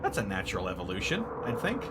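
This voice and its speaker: A man's voice: low voice, huge pitch swings, fast talker. A man streaming a video game live, commenting with wry, joking asides. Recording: noisy background hiss.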